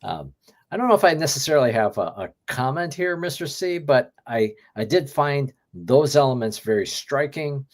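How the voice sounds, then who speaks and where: A man co-hosting a review show, speaking in a measured, hesitant way with many fillers. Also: medium pitch, animated. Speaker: podcast co-host. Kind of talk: thoughtful review chat.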